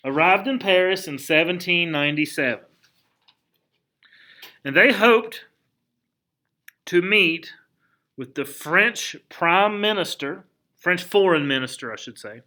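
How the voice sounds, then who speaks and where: A man teaching a history class in a lively, conversational lecture, often putting rhetorical questions to the students. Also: a little high. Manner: conversational, frequent restarts.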